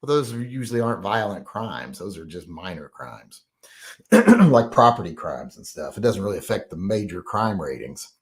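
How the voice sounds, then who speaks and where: A man hosting a casual live chat, reading out viewer comments and rambling between them with frequent fillers and throat clearing. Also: low-pitched, very animated, normal speed.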